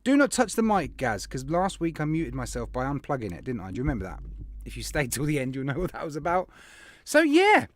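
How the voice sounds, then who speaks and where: A man's voice: mid-range voice, sing-song, fast talker. A man hosting a casual livestream, rambling and greeting viewers by name. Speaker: livestream host.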